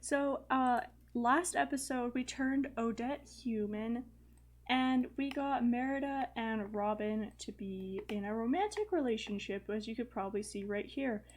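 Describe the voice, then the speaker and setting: Young woman, let's-play commentary, slightly high voice, chatty, filler words, light laughs. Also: a little slow. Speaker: gaming video host.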